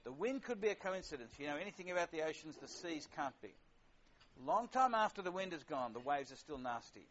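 Man preaching, slightly high voice. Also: animated, a little fast, a bit bright, slight background noise. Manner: conversational, wry, with frequent fillers. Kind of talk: sermon. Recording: lo-fi dull sound.

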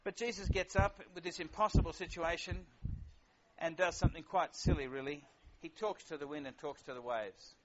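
A man's voice: fairly high pitch, moderate pace. Middle-aged male preacher, casual wry sermon delivery with fillers, dull lo-fi sound. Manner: conversational, wry, with frequent fillers.

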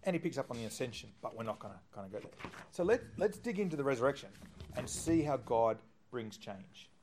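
A middle-aged man preaching a sermon as pastor, swinging between hushed quoting and loud, animated bursts. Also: mid-range voice, brisk, a little hiss or hum.

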